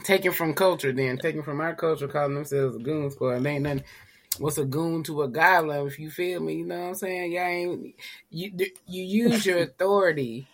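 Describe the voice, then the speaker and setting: A man's voice: a little high, normal speed. A man, co-hosting a podcast in a loose, rambling way, full of "you know". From Tennessee. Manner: laid-back, rambling storyteller with frequent "you know". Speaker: podcast co-host. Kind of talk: casual chat.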